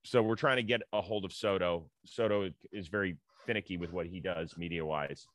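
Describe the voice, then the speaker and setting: A man's voice: deep voice, fairly quick, no room sound. A man hosting a podcast, trading casual banter and plugging upcoming episodes with a chatty manner. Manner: chatty, hypes guests and sign-offs. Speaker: podcast host.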